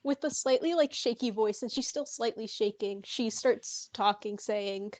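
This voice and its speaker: Bright-voiced woman player, dry sound. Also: on the high side, measured pace, no echo. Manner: hesitant, chatty. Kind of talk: casual tabletop game play.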